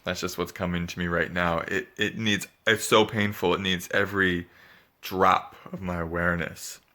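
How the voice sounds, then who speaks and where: A man speaking in a confessional vlog, feeling sick and drained, with a halting, soft, searching delivery. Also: low voice, level tone. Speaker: spiritual vlogger.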